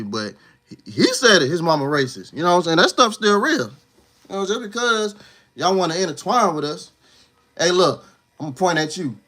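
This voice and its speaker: A man's voice: on the high side, pushed and bright. A man speaking hosts a casual livestream. His talk is loose and slangy, full of fillers, and he pushes a viewer with teasing, confrontational questions. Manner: loose slangy talk, frequent "you know what I'm saying". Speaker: livestream host.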